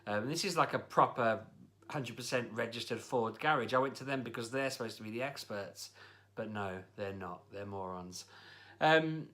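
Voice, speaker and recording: A man ranting in a casual vlog, his voice bright and cutting. He talks like someone fed up and grumbling, piling one complaint onto the next as he tells his story. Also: mid-range voice, normal speed. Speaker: vlogger. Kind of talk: casual spoken rant.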